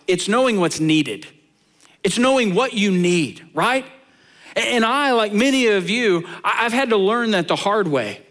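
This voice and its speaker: High-voiced pastor preaching conversationally. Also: male voice. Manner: conversational preaching with rhetorical questions; animated storytelling. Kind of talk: sermon.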